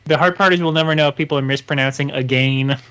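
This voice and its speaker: A man's voice: a little high, fairly even intonation, fast talker, fairly bright tone, smooth. A man co-hosting a comics podcast, telling wry rambling jokes in casual chat. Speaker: podcast co-host.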